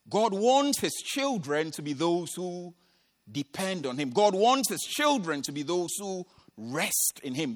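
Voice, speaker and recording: Animated preacher man in a reverberant hall. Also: high voice. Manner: animated, dramatic retelling with voiced asides. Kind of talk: sermon.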